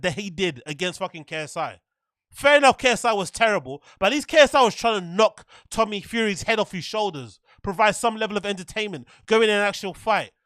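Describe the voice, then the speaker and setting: Guy ranting, high sharp voice, swears a lot, dry close sound. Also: no room sound. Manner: animated, profane, repeats himself in exasperated bursts. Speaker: show host. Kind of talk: ranting commentary.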